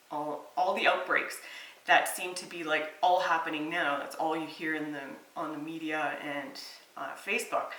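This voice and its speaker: Woman, 30s, home-cook vlogger, earnest and chatty, bright tone, recorded in a roomy kitchen a little off-mic. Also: on the low side, far from the mic, slight background noise. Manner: chatty, earnest, thinks aloud with fillers. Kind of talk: casual cooking vlog. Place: home kitchen and backyard grill.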